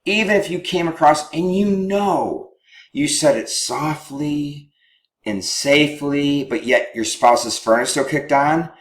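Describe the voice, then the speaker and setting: Animated male counselor in a roomy space. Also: on the high side, slow. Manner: animated, acts out quoted lines, chuckles. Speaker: marriage counselor. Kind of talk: teaching talk to couples. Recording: roomy echo.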